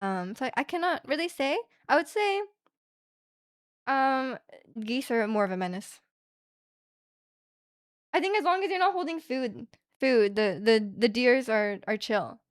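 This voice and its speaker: A woman's voice: a little high, lively intonation, unhurried, pauses often, no room sound, clean studio sound. A young woman livestreaming from home, chatting in a rambling way and reading out viewer comments with light laughs.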